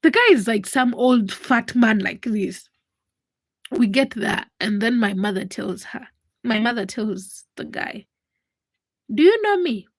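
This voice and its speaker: A woman chats casually on a livestream, telling a story and acting out the other people's voices. Her voice sits a little high and has a husky edge. The sound is close and dry, with no room around it. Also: a little slow, no room sound. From Uganda. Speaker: livestream host.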